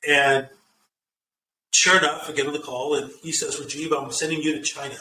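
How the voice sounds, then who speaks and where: A man being interviewed as a guest, telling stories with lively acted-out dialogue and frequent restarts. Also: fairly high pitch, brisk, slight background noise. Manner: animated storyteller, acts out quoted dialogue, repeats words when starting. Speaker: guest, CEO and author. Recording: roomy, distant sound with faint ambience.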